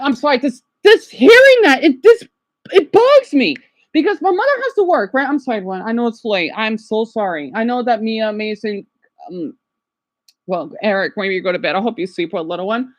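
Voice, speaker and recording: An agitated woman rants on a casual livestream. Her voice sits high and swoops wildly, flaring into angry outbursts before dropping to hushed apologies.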